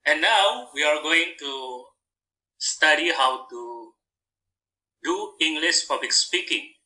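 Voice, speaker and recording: Bright-voiced Indonesian man teaching slowly. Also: fairly high pitch, expressive, low-quality recording. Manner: repeats "and then" between points, reads out examples. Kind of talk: explaining slides in a lesson.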